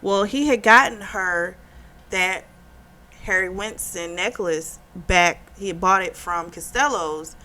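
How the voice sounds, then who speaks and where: A young adult woman who hosts a book club, retelling a novel's plot in casual, animated chat. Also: lowish voice, slow. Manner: chatty, animated retelling with quoted dialogue and laughs.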